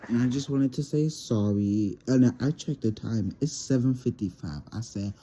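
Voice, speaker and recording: A teenage boy vlogger rambles through a casual storytime monologue for his viewers, stammering and repeating words along the way. His male voice is medium in pitch, mellow, and at a moderate pace.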